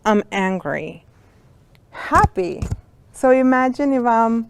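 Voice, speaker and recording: A woman's voice: medium pitch, takes it slowly, darkish tone, dry recording. A woman who works as a sign language interpreter, patiently teaching a beginner lesson to young students step by step.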